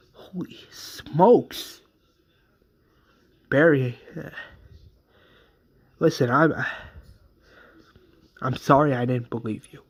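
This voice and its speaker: Dude doing a detective dad type, halting, keeps repeating, earnest, middle pitch. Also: male voice, a bit bright, husky. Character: apologetic male detective, father figure.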